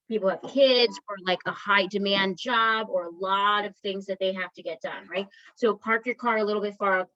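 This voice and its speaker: A woman's voice: medium pitch, pushed and bright, lo-fi sound. A woman wellness coach giving a conversational motivational talk to an online group, encouraging and often checking in with her listeners.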